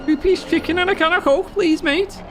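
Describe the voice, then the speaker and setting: A man's voice: extremely high pitch, fairly even intonation, normal speed, music in the background, pitched above the performer's own voice. A man putting on an exaggerated sing-song Scouse accent to play a cheery Liverpool lad ordering fried chicken. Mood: jokey. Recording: game engine noise behind.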